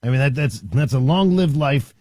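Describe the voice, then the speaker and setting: A man hosting a talk radio show from a studio, delivering an animated, emphatic monologue with frequent restarts. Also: medium pitch, moderate pace, dry recording.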